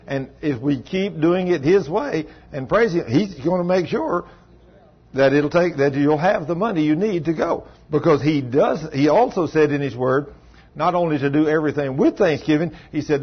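A man preaches a casual sermon, rambling and folksy as he talks straight to his listeners. His voice sits a little high and sounds husky. The recording is dull and lo-fi. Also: lively intonation, normal speed. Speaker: pastor. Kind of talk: informal sermon.

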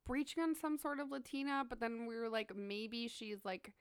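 A woman's voice: a little high, moderate pace, smooth, no echo, studio quality. A young woman chatting casually and telling a story with lots of acted-out quotes. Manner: animated storyteller, acts out quotes. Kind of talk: casual chat.

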